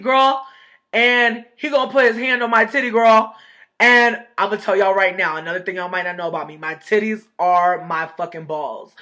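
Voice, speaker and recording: A woman vlogger telling a storytime in a casual, animated, profane way, acting out quoted voices. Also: mid-range voice.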